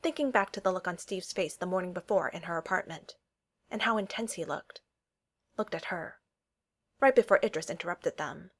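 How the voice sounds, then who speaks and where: Expressive woman reading a story. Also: lowish voice, normal speed. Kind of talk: fan fiction story reading.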